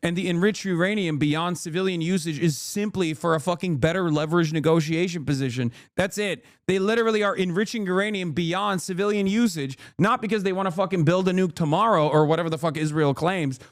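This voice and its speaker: A man hosting a live stream, giving heated political commentary to his chat. He rants with constant profanity and drops into quick apologetic asides. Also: high voice, no room sound, studio quality. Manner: profane, loud ranting, swings into apologetic asides.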